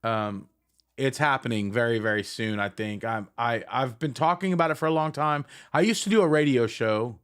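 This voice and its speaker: Middle-aged male frontman, loose rambling live-stream chat, ordinary mid pitch. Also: normal speed, a bit bright, smooth. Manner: rambling and affectionate, many fillers.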